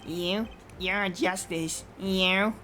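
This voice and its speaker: A woman's voice: mid-range voice, fairly even intonation, slow pace, sharp tone, slight background noise. A woman streamer voicing a nerdy, pushy young male reporter from a game, in a drawling, teasing way. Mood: smug. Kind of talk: live game playthrough voice acting.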